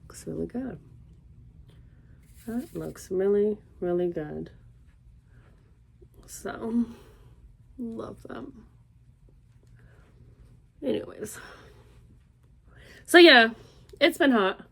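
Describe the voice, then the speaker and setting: A woman's voice: medium pitch, very slow, creaky, pauses often, slight background noise. A young woman from Florida, chatting casually through a makeup tutorial, rambling and exclaiming, then murmuring as she works. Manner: animated, rambling, exclamatory, drops to murmurs while applying. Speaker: beauty vlogger.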